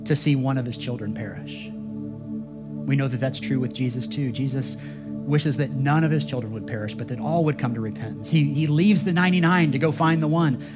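A man delivers a sermon from the pulpit, his voice slightly high and husky. He reads scripture slowly and builds to emphatic declarations. Faint music plays underneath. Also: darkish tone. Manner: rising to emphatic declarations, slow when quoting scripture. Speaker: pastor.

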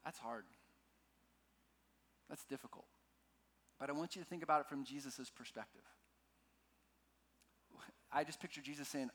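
A male pastor preaching a sermon, slowing down and swinging between loud and soft to stress his points. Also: mid-range voice. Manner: dramatic shifts in loudness, slows for emphasis; asks the congregation to repeat lines.

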